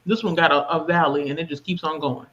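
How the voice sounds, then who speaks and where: A man's voice: fairly high pitch, fairly even intonation, quick pace, a bit bright, muffled recording. A man talking casually and jokingly about reading on a book club livestream. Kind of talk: casual chat.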